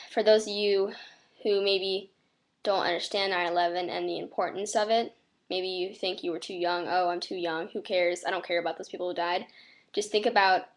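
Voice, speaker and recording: Earnest American teenage girl vlogging. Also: mid-range voice. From United States. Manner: earnest, reflective, with many fillers; speaks in a flat monotone. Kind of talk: earnest talk to camera.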